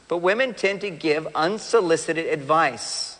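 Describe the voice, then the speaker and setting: Man, high-pitched voice, animated seminar speaker, addresses the crowd, long hall echo. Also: moderate pace, hardly any pauses. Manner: animated, acts out quoted partners and addresses the audience directly. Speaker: relationship speaker. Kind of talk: live seminar talk. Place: large hall with a live audience.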